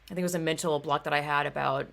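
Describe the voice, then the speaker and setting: A young woman hosting a casual talk show, blunt and profane, swinging from quiet asides into outraged rants. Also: low-pitched, fairly even intonation, racing, creaky. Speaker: host. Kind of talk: casual podcast chat.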